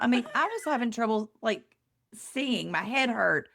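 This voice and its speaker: Gravelly middle-aged woman, wry. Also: fairly high pitch, expressive, a little slow, fairly bright tone. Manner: self-deprecating, wry storyteller. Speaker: podcast co-host. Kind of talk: casual chat.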